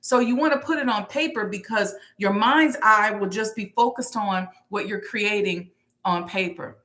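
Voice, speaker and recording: A woman hosts a motivational teaching session, speaking with steady emphasis. She slows down and repeats her key points so they land. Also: mid-range voice. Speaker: host and entrepreneur teacher.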